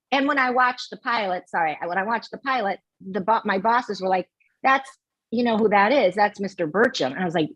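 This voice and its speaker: A middle-aged woman, a podcast guest, telling an animated story in casual chat and acting out what people said. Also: mid-range voice, breathy edge, no room sound, lo-fi sound. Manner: animated, acts out quoted dialogue.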